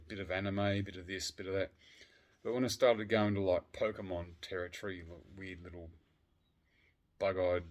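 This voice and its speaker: A man chatting casually on a vlog, excitable and profane, swinging between loud outbursts and low muttering. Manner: swears freely. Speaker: vlogger. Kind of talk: casual chat.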